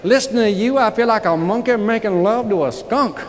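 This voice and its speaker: A man giving a live motivational sales keynote, telling stories with sudden loud outbursts. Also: high-pitched, brisk. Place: large conference hall with audience. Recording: reverberant hall, audience noise.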